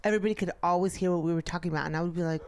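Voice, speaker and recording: A woman's voice: lowish voice, fairly even intonation, very fast, a little mellow. A woman co-hosting a podcast in casual chat. She teases and talks bluntly. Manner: teasing, blunt banter. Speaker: podcast co-host.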